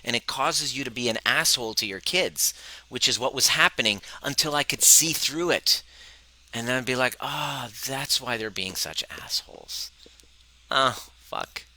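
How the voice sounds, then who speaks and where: Guy coaching, super bright voice, swears a lot and laughs, dry sound. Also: medium pitch, no echo, poor audio. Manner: profane, candid, laughs often. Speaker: personal growth coach. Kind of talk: casual live talk to an audience.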